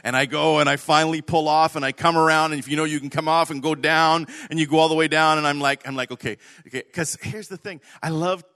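Man, pastor, sermon, animated storytelling, slightly higher voice, loud then hushed. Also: fast talker, hardly any pauses. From Canada.

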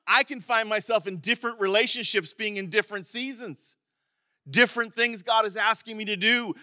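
A middle-aged man preaching a sermon as pastor, animated, with sudden emphatic bursts and some stumbling over words. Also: high voice, dry recording, clean studio sound. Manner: stumbles and repeats words at times.

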